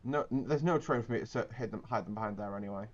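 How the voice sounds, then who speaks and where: A man's voice: on the low side, fast, highs cut off. Rambling man explaining a naval game. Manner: rambling, explanatory, frequent fillers and restarts. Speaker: gameplay commentator. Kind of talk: casual game commentary.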